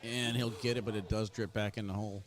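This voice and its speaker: A man's voice: on the low side, flat delivery, fast. A man giving casual, chatty play-by-play commentary on a cornhole match, joking with his co-host.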